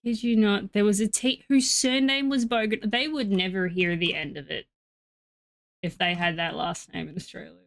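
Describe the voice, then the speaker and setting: A woman's voice: mid-range voice, steady tone, moderate pace, vocal fry. A woman streaming a game, chatting playfully with her viewers and often repeating words as she talks. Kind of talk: casual chat with stream viewers.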